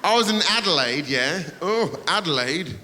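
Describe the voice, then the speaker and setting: A man's voice: a little high, lively intonation, moderate pace, sharp tone. A man doing a brash stand-up comedy set, swearing and teasing the audience in a large theatre. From England. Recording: reverberant theatre with audience noise.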